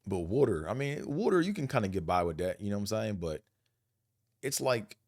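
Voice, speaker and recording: A man from Buffalo with a Buffalo accent, hosting a casual monologue vlog, rambling and animated, profane, often mimicking other people's accents. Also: lowish voice, a little fast, dry recording, studio quality. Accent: Buffalo, New York. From Buffalo, New York. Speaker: vlog host.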